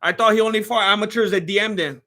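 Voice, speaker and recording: A man's voice: sits high, fast, pushed and bright. A young man hosting a live stream, giving casual fight commentary in a rambling, joking way that often stops and restarts mid-sentence. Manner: rambling, joking, self-interrupting.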